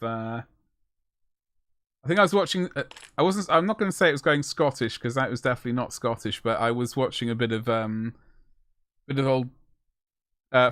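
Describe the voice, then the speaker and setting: A man's voice: medium pitch, fairly bright tone, clean tone, no echo, studio quality. Jokey rambling male streamer. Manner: rambling, jokey, self-mocking asides. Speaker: streamer painting miniatures. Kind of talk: casual live-stream chat.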